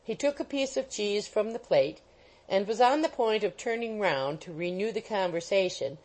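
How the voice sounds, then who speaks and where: A woman narrating a classic novel as an audiobook, reading in a measured, expressive way. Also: mid-range voice, low-quality recording.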